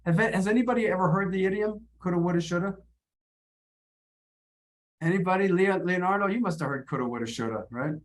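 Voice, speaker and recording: Teaching English online, this high-pitched American man explains things in a halting manner, frequently repeating himself.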